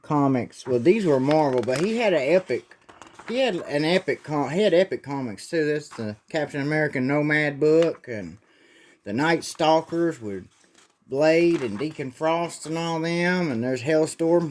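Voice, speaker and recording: A man's voice: a little high, lively intonation, measured pace, a little hiss or hum. A man reading a comic aloud and chatting about it with fan enthusiasm. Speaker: comic book reader. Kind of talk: casual comic read-aloud with commentary.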